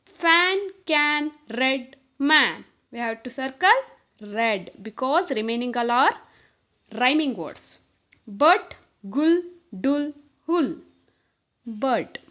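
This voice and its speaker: Slow high-voiced woman spelling words. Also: fairly bright tone, highs cut off. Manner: spells words letter by letter, then repeats them. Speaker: kindergarten tutor. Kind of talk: slow spelled-out worksheet walkthrough.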